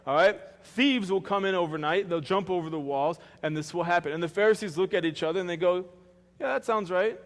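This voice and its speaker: Pastor, 30s, male, higher-pitched, relaxed joking sermon delivery, long reverb of a church hall. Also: quick pace, hardly any pauses. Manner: conversational, joking, acts out dialogue. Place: church sanctuary.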